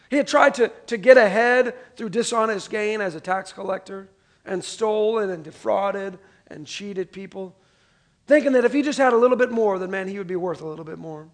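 A man preaching a sermon, reading scripture aloud and asking the congregation to repeat words back to him. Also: high voice. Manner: animated, call-and-response with congregation. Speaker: pastor.

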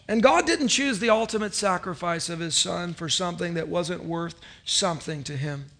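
A male pastor preaching a sermon, emphatic, moving between loud declarations and quiet asides and calling on the congregation to respond. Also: sits high.

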